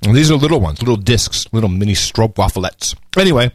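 A man hosting a casual talk show, joking and animated, tossing in mocking impressions. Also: lowish voice, fast, no room sound. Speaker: podcast host. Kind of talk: casual chat.

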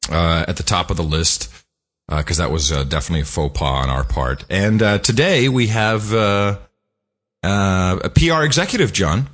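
A man co-hosting a podcast in casual chat, talking in a chatty way with many filler pauses. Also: deep voice, expressive, fairly bright tone. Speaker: podcast co-host. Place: studio.

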